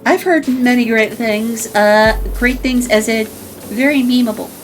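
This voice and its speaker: Woman, high voice, playful, crude, flexible voice, casual livestream chat. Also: measured pace, music in the background. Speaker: streamer.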